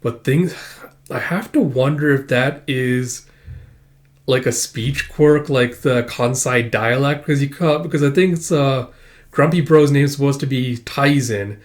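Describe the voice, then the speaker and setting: A man's voice: mid-range voice, a little slow. A man hosts a casual read-through of a comic. He chats loosely between passages and fills his sentences with filler words. His voice sits in an ordinary middle range. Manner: chatty, lots of fillers. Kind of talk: casual reading and commentary.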